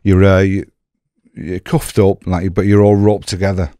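Brief: deep, dark-toned man, loose rambling storyteller, swears a lot, dry sound. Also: flat delivery, moderate pace, no echo. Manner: rambling, swears freely, restarts. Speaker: guest, former prisoner. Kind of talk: casual storytelling.

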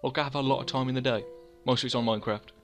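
A man's voice: medium pitch, steady tone, racing, fairly bright tone, soft background music. A young man, chatting casually over his gameplay, rambling and mocking himself as he scolds himself in the third person. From England. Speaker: gaming channel host.

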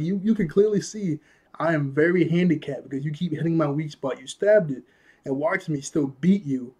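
A man casually recapping an anime episode, animated, laughing often, and acting out quotes in a raised voice, a bit out of breath. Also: on the high side, husky. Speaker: anime reviewer.

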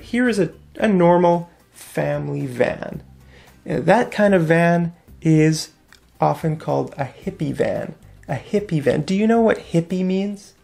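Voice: medium pitch, gravelly, a little mellow. A teacher giving a vocabulary lesson to English learners, repeating each new word and asking the class questions.

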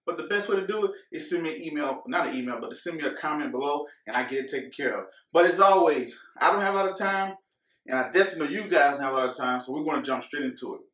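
A man's voice: fairly high pitch, animated, rapid-fire, a bit bright, recorded from a distance. A man hosting a finance channel, explaining at a whiteboard to camera in a casual way, repeating points and talking straight to viewers. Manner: casual, repeats himself, talks to viewers as guys. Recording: echoey room, away from the mic.

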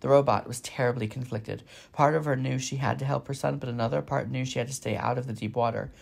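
A man reading a children's novel aloud with steady, expressive narration. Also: medium pitch, fast talker, vocal fry. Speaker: storybook reader.

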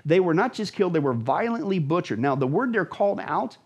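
A pastor on a show explains scripture with rising urgency and a lot of repetition. His voice is a touch husky and sits on the higher side for a man. His pitch swings widely as he presses every point. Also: lively intonation, a little fast. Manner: intense, dramatic, repeats words for emphasis. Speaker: pastor, guest. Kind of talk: emphatic Bible teaching in conversation.

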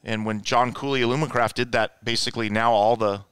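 A man tells stories in a casual, animated way, jumping into the voices of the people he quotes. His voice is bright and clear. The recording is dry, with little room sound. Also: mid-range voice, a little fast, dry recording. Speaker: guest, offroad racer. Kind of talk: casual storytelling.

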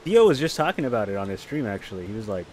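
A man with a fairly low voice chats casually while streaming a game live, rambling from one topic to the next. He breaks into loud, excited reactions to the action. A clear hum of background noise sits under his stream mic. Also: racing. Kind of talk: casual live gameplay chat.

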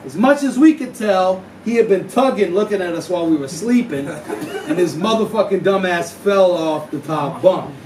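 A man telling a profane tall tale live, in a drawling deadpan manner broken by sudden yelps. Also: high voice, normal speed, far from the mic. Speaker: storyteller. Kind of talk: live spoken-word storytelling over guitar. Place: live venue. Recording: roomy live recording from off mic. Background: plucked guitar music.

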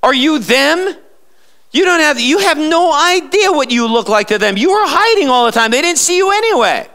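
A man's voice: very high-pitched, expressive, moderate pace, bright, forceful tone. A male pastor preaching a live sermon in church, emphatic and fond of sarcastic rhetorical questions.

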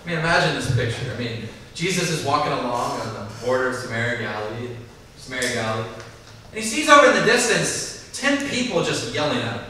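A man preaching a sermon at a church service, animated, acting out the voices of people in the story. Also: medium pitch, fairly quick, far from the mic, a little hiss or hum. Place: church service in a large hall. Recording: echoey hall, mic from afar.

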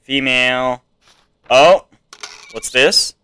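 A young man chats his way through a video game, reading on-screen text aloud and tossing in playful asides. His voice sits fairly low but cuts bright and forward. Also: unhurried, slight background noise. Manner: reads game text aloud, chatty asides, jokey accents. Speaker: gamer playing through a game. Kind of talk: casual game playthrough commentary.

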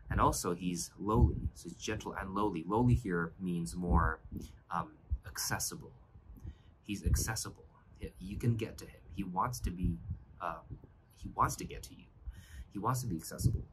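A man's voice: low-pitched, normal speed, noisy background. A man pastor giving an earnest, reflective devotional sermon, often restarting his phrases.

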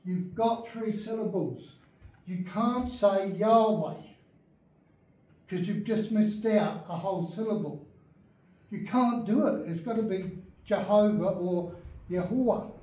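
Guy teaching bible study, high voice, slow and mellow, sounds far off in a big echoey room. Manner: emphatic, keeps checking that listeners follow. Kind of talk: teaching an adult Bible class. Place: church meeting room.

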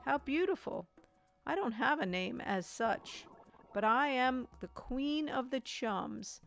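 A woman voicing a giant, gentle, motherly female creature queen in a video game, speaking with a gracious, cooing manner. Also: high-pitched, animated, slow pace, gravelly, soft background music, exaggerated voice.

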